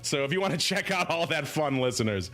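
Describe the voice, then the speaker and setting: A middle-aged man hosting a podcast in casual banter, animated and digressive, often slipping into movie quotes. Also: on the high side, fairly quick. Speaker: podcast host.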